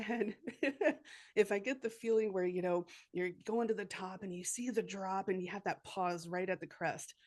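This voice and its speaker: A woman's voice: medium pitch, moderate pace, a little mellow. A woman hosting a podcast, talking in a reflective, easygoing way and laughing readily. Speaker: podcast host. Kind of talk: casual podcast conversation.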